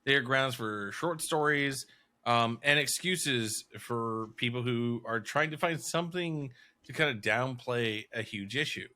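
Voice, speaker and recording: A man's voice: mid-range voice, measured pace, sharp tone. A man co-hosting a casual podcast chat who sounds wry, sceptical and blunt. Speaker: podcast co-host.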